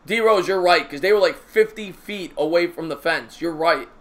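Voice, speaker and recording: A man streaming his own baseball play-by-play, calling pitches and chatting with viewers in a jokey, excitable way. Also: moderate pace. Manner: excitable, raises voice on big hits. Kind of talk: live-stream baseball play-by-play with chat shout-outs.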